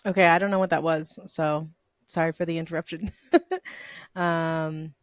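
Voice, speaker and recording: A woman's voice: deep voice, level tone, moderate pace, no echo. A young woman hosting a podcast, casually telling her dream stories and filling them with "like" and "um". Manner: chatty, lots of "like" and "um", laughs often. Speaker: podcast host. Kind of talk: casual solo storytelling.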